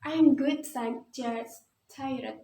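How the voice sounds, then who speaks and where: A young woman with an Indonesian accent voicing a weary, searching scholar in a read-aloud story, in a soft, shaky delivery. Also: high-pitched, very slow, vocal fry, heavily acted. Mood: tired. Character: weary, searching scholar teacher, adult man. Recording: roomy echo.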